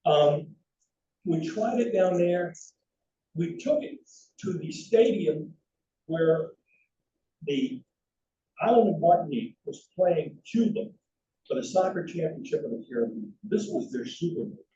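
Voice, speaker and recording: A man's voice: fairly high pitch, unhurried, long pauses. An older man, telling anecdotes in a lecture with slides and often restarting his sentences. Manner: animated anecdotal storytelling with frequent restarts. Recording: roomy, distant, dull hall recording.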